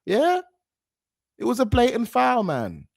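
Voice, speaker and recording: A man hosts a football reaction video in a casual, rambling way, stacking slang and repeating himself. His pitch jumps up and down a lot as he gets worked up. The sound is close and dry, with no room around it. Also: wildly swooping pitch, slow pace, vocal fry, no echo. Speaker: football channel host.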